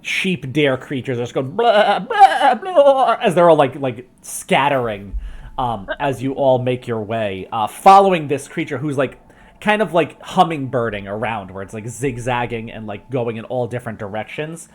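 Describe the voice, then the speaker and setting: Rambling game master with a lively pitch. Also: male voice, normal speed. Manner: rambling, many fillers and restarts. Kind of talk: narrating a tabletop game. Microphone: home microphone with pop filter.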